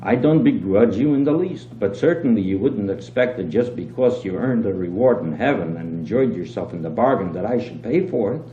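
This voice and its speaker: A man reading aloud and voicing a shrewd, calm innkeeper who talks with wheedling mock innocence. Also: fairly low pitch, brisk, hardly any pauses, natural voice. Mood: coaxing. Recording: dull, roomy old home tape with hum.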